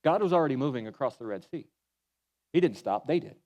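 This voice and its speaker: A pastor giving a sermon in an animated, folksy way, mixing humor into his storytelling. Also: medium pitch, fast talker, highs cut off. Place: church.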